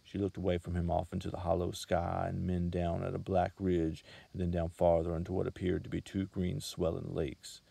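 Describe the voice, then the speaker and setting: A man reading a short story aloud as an audiobook, in a measured, steady manner. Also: deep voice, vocal fry, slightly rough, no echo. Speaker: narrator.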